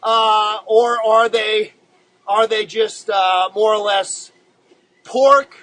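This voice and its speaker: A man with a high-pitched voice hosts a casual live-streamed drawing show. He rambles in a laid-back way, addressing viewers as guys and pausing often on filler words. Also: steady tone, fairly bright tone, poor audio.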